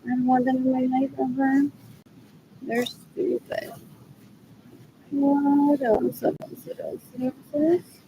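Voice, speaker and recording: A woman's voice: high-pitched, steady tone, slow pace, long pauses, dark tone, a little hiss or hum, poor audio. A woman talking alone to camera in a drifting, repetitive monologue, slipping in Spanish phrases. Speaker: vlogger. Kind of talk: rambling monologue.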